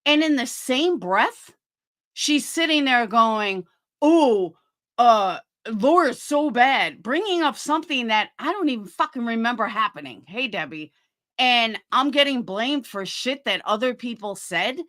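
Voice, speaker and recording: A woman's voice: on the high side, lively intonation, normal speed, bright, forceful tone. Heated, profane woman ranting on a livestream. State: fighting cancer. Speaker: livestream host. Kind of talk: angry livestream rant.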